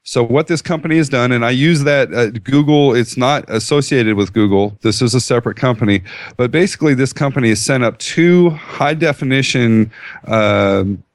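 A man chatting casually as co-host of a tech show, wandering through his point with restarts and little laughs. His voice sits at a middling pitch. The sound is dry and close, with no room around it. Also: normal speed, no room sound. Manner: rambling, self-correcting, chuckling. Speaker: podcast co-host. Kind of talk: casual chat.

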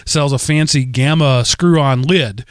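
A man's voice: medium pitch, unhurried, clear, resonant tone, no echo, studio quality. A man hosting a podcast in a casual, rambling way, with many restarts. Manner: rambling, full of restarts and fillers. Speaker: podcast host.

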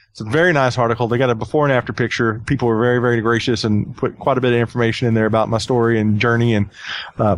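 A man's voice: medium pitch, a little hiss or hum. A man hosting a podcast in easy casual chat. He often repeats himself and laughs along as he talks. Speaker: podcast host.

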